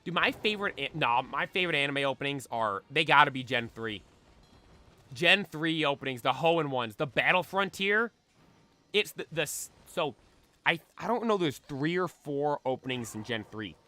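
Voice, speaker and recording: A young man streaming casually, chatting excitedly and belting out theme songs. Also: fairly high pitch, normal speed. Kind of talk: casual chat while shiny hunting.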